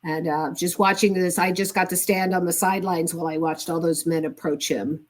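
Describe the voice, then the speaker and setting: An older woman appears as a talk show guest and tells her story earnestly and from the heart while keeping things conversational. Her somewhat low voice stays steady and runs a little fast.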